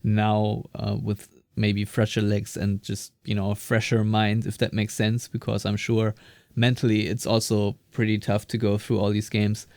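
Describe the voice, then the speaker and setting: A man's voice: on the low side, completely flat delivery, moderate pace, a little mellow, no echo, clean studio sound. A man co-hosting a podcast in casual discussion, talking hesitantly with many fillers and restarts. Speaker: podcast co-host.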